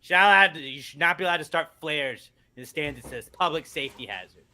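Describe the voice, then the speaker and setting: A man's voice: a little high, animated, brisk, sharp tone. A man co-hosting a podcast in casual chat, ranting and swearing in exasperation. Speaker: podcast co-host.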